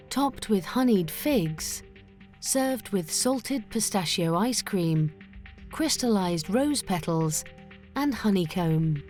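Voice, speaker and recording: A woman reads scripted narration in a slow, deliberate way, each item laid out clearly. Her pitch sits in a middle range. Faint music plays behind. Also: a little mellow.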